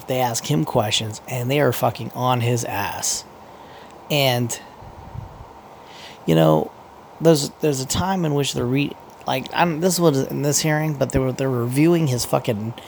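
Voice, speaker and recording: Gravelly-voiced man, mid pitch, casual profane podcast rant, faint background hiss. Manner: profane, meandering, with many restarts. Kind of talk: casual rambling commentary.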